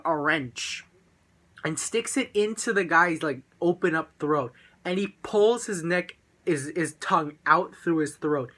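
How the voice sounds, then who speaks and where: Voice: mid-range voice, fairly bright tone. A video reviewer talking in a rambling, casual way, with many fillers and crude, offhand remarks.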